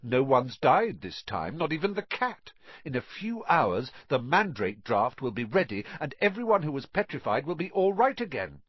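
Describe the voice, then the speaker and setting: A man's voice: medium pitch, sing-song, takes it slowly, few pauses, husky, dry recording, highs cut off, heavily acted. A man reading an audiobook, voicing an angry, defiant twelve-year-old boy wizard who speaks in a tense, clipped way.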